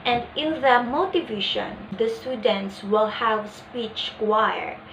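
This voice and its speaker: A young woman presenting a lesson plan in a deliberate, explanatory way. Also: on the high side, fairly bright tone, roomy sound, a little hiss or hum, rough recording. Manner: deliberate, acts out example lines.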